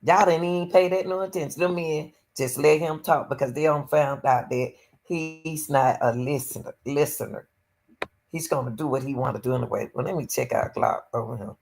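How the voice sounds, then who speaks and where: A woman's voice: sits low, moderate pace, creaky, darkish tone. A woman hosting her own commentary channel, giving blunt, opinionated takes and talking straight to her viewers in a casual way.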